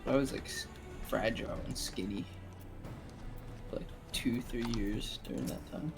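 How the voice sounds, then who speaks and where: A man's voice: medium pitch, unhurried, music in the background. A man in casual gaming chat, talking about his game in a tired, self-deprecating way. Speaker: gaming streamer.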